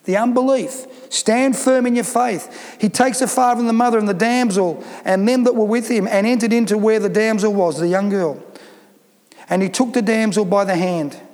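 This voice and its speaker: A man's voice: high voice, normal speed, darkish tone, big-room sound. A male pastor preaching a sermon, emphatic and repeating phrases for stress.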